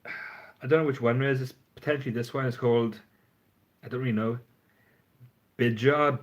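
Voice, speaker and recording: A man's voice: mid-range voice, steady tone, normal speed, pauses often. Rambling man on a livestream. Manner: rambling, frank, swears casually. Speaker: fragrance reviewer. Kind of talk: casual livestream chat. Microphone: phone front camera.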